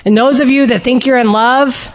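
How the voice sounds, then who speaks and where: A woman's voice: sits high, fairly even intonation, normal speed. A woman speaking candidly and emotionally to a recovery group, sharing her personal testimony and shifting her pace for emphasis.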